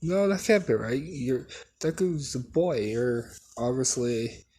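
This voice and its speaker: A man's voice: medium pitch, lively intonation, takes it slowly, a little mellow, slight background noise. A man voicing a female schoolteacher who firmly doubts what she hears, in a fan retelling. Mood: disbelieving.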